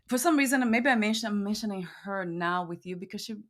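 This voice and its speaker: A woman hosting a podcast, speaking in a soft, musing way and often pausing to restart her thoughts as she reflects aloud. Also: mid-range voice. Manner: soft-spoken, musing, trails off and restarts while thinking aloud. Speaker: podcast host. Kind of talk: reflective conversational interview.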